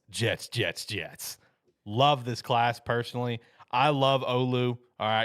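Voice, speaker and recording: Male co-host, smooth low voice, emphatic and enthusiastic casual sports chat. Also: a bit bright, dry recording, clean studio sound. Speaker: co-host of a football show.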